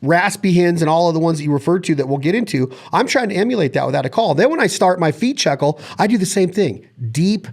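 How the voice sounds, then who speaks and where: A man's voice: sits high, fast, hardly any pauses. A man hosting a podcast, talking through duck calling technique in long, detailed lists. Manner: energetic, detailed, lists body parts and steps. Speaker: podcast host. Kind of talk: casual instructional chat.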